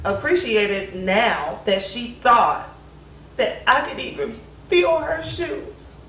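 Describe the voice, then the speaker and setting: A grieving daughter speaks candidly about her late mother in a family conversation, reflective and laughing between thoughts. Her voice is fairly high and bright, very animated, yet slow-paced. The recording sounds roomy, with a distant mic and faint hiss.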